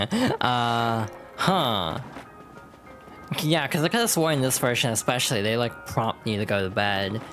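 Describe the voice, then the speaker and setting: A woman streamer chatting casually while playing, tossing in quick asides. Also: rumbling low. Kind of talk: casual game commentary.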